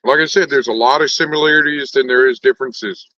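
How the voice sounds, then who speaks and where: A man's voice: medium pitch, quick pace, bright, forceful tone, no room sound, muffled recording. A man talking in a casual conversation, laid-back and slangy, swearing freely.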